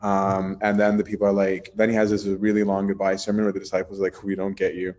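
A man's voice: lowish voice, monotone, fast talker, darkish tone. A man teaching a Bible study in a casual, chatty way, often asking "right?" and using plenty of fillers.

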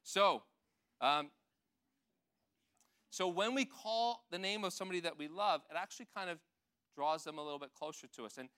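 A man giving a gentle, conversational sermon, talking to the children and the adults in the congregation. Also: fairly high pitch, moderate pace, pauses often, clean tone. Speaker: pastor. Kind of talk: children's sermon with audience participation.

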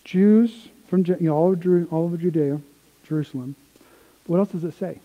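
A man preaching a sermon, swinging from quiet explanation to excited retellings of the crowd. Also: on the high side, a little fast, lo-fi sound. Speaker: pastor.

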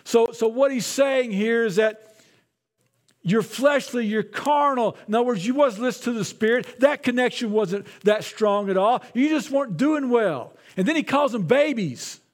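A man's voice: very high voice, normal speed. A man, a pastor, preaching a sermon in a conversational way, often repeating his words.

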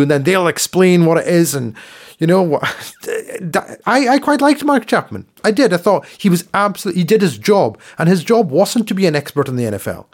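A man's voice: on the high side, animated, fairly quick, darkish tone. A man co-hosting a podcast, chatting casually and ranting, often repeating words as he gets worked up. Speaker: podcast co-host. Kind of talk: casual chat.

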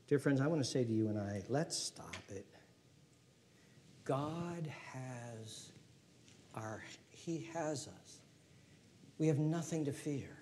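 Older preacher with emphatic rhetorical questions. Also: male voice, medium pitch, lively intonation, slow, pauses often. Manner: emphatic, rhetorical questions, dropping to hushed whispers. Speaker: pastor. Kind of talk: sermon.

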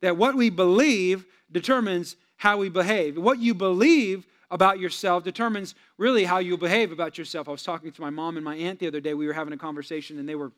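High, smooth-voiced male pastor preaching. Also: fast talker, hardly any pauses. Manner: animated, conversational, jokes with the congregation. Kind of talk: sermon with personal storytelling.

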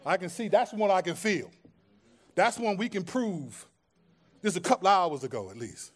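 Man, pastor, sermon, high voice, conversational, acts out scenes. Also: animated, normal speed.

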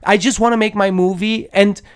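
Podcast co-host, male, slightly high voice, rambling, stop-start delivery. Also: fairly even intonation, clear, resonant tone, no echo, studio quality. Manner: rambling, halting, lots of restarts and fillers. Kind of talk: casual chat.

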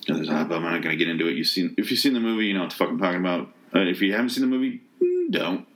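A man's voice: low voice, huge pitch swings, racing. A man reviewing a movie in a casual rant, sarcastic and exasperated, swearing often and restarting his sentences.

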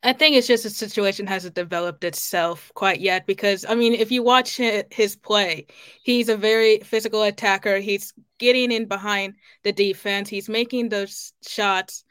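A woman with a smooth, clear voice speaks as a panelist on a sports talk show. Her takes come out measured and analytical. The sound is dry and close. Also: medium pitch, steady tone, a bit bright, no room sound.

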